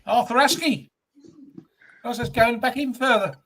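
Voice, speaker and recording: A man's voice: very high voice, moderate pace, a bit bright. A man from the United Kingdom in casual podcast chat, reading out prices and names from old annuals. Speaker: podcast co-host.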